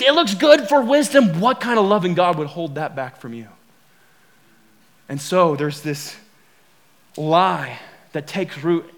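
Male pastor, very high voice, emphatic sermon, repeats himself, asks the church questions. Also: fairly bright tone.

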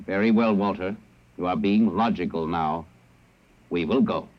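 A cold, logical alien captor voiced by a man in an old radio play, speaking in a low, flat, measured voice without any emotion. The sound is dull and lo-fi, like a vintage radio broadcast. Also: heavy background noise, close to an everyday voice. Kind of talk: 1950s radio drama acting.

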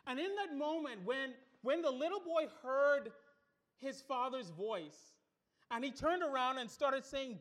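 High-voiced emphatic male pastor. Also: lively intonation, measured pace. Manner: emphatic, builds through repeated phrases. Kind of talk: sermon. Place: church room with congregation.

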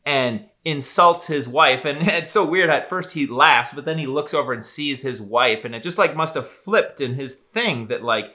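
A man's voice: medium pitch, expressive, moderate pace, hardly any pauses, pushed and bright. A man in casual conversation, thinking aloud in a musing, thoughtful way. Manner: thoughtful, musing, lots of likes and restarts. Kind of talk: casual analytical chat.

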